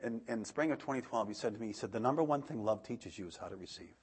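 Breathy, animated male preacher. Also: mid-range voice, quick pace. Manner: animated, swings between loud outbursts and soft asides. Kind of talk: sermon.

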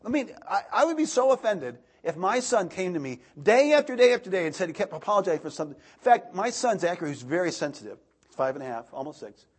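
A man in his thirties preaching a sermon, animated, swinging between loud outbursts and soft asides. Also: high voice, fast talker, breathy edge.

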